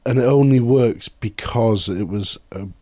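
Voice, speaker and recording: A man's voice: mid-range voice, measured pace, mellow. A man co-hosting a music podcast, chatting casually and dropping dry, teasing remarks.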